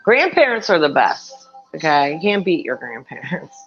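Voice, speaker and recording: A speaker in a casual chat with a lively, swooping pitch, who swears freely and laughs easily. The voice comes through a dull, lo-fi line. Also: normal speed, faint music behind.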